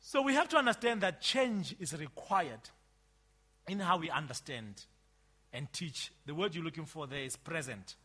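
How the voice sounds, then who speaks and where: A man preaching a sermon, emphatic, swinging between loud outbursts and quiet asides. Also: a little high, lively intonation, normal speed, slightly rough.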